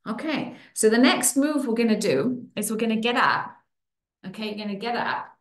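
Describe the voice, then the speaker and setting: A woman leading a guided affirmation exercise online, stretching out affirmations slowly with playful asides. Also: fairly high pitch, roomy sound. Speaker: workshop leader.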